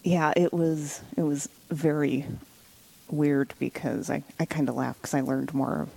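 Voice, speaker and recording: A woman's voice: low voice, level tone, a little slow, vocal fry, warm tone, husky, low-quality recording. A woman guest telling her story in a casual interview, chatty and laughing often.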